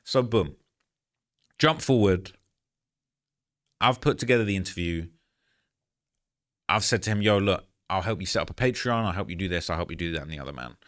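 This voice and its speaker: With a deep yet fairly bright voice, this YouTuber speaks expressively at a moderate pace, pausing often as he recounts a story to camera. The casual monologue rambles, frustrated and earnest, and he frequently says "man" and "bro."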